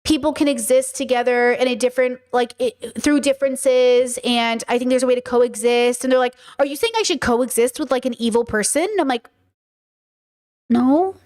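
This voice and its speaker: Animated woman host, high voice. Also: normal speed. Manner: animated, acts out quoted exchanges. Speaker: podcast host reacting to a video. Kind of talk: casual chat.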